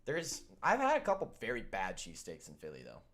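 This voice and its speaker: Animated storytelling guy from Minnesota. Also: lowish voice, a little fast. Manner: animated storytelling, acts out quoted voices. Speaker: sports show co-host. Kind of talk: casual chat.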